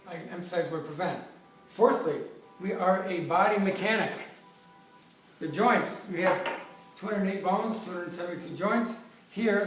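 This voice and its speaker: A man in his fifties working as a chiropractor, giving an enthusiastic, jokey presentation with props, often restarting his sentences. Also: high-pitched. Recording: echoey room, distant mic, faint noise.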